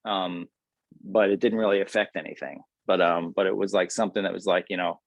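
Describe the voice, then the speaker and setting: A man's voice: deep voice, steady tone, fairly quick, gravelly, no room sound, dull audio. A man with a New Jersey accent, a guest actor talking in a wry, joking, rambling way. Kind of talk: casual interview.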